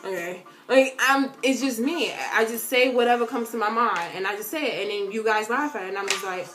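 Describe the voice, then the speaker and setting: A woman's voice: a little fast, music in the background. Chatty teen girl vlogging from her bedroom. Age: teens. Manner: chatty, joking, dramatic swings in loudness and pitch. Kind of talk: casual Q&A vlog talk. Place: bedroom at home.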